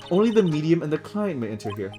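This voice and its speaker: A man doing a stern older woman medium, stiff and overly polite, with a lively, rising and falling delivery. She sounds like a game character addressing a guest with chilly formality. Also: a little high, fast, music in the background. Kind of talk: reading game dialogue aloud on stream.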